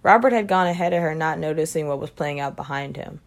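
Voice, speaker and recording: A woman reading a short story aloud, her voice low and noticeably gravelly with vocal fry. She keeps a calm, even narrating pace throughout. The delivery is unhurried and steady. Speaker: reader.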